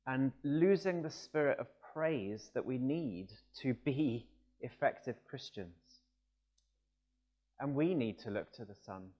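Man, preacher, mid-pitched voice, chatty sermon delivery, builds to emphatic points. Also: darkish tone, muffled recording. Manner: conversational storytelling, rising to emphatic passages. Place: church, also streamed.

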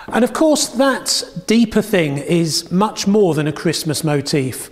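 A man giving a sermon, telling stories with dramatic pauses and a hushed, repeated phrase. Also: high-pitched, very animated. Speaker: preacher. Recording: long hall reverb.

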